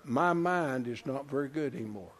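An older man preaching a sermon, telling a folksy story and swinging from low murmurs to loud high exclamations. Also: animated, normal speed. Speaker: pastor.

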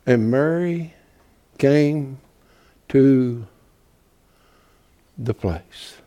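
A male preacher delivering a folksy, dramatic sermon, swinging between hushed whispers and shouts. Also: medium pitch, drawn-out words.

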